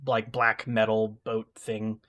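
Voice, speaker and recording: A man's voice: on the low side, completely flat delivery, slow pace, a bit bright. A young man telling a long personal mishap story in casual, self-deprecating style, full of restarts and asides. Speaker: podcast co-host.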